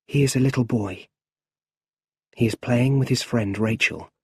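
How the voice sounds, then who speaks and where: A man reading a simple storybook aloud for English learners in a slow, deliberate way. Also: medium pitch, husky, dry recording. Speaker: audiobook narrator.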